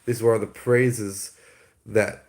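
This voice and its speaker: A man's voice: fairly low pitch, steady tone, slow pace. A man giving a casual spoken teaching, out of breath and coughing, with a clogged throat. He often restarts and corrects himself mid-sentence. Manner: rambling, self-correcting, uses "like" often. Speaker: speaker explaining holiday teachings.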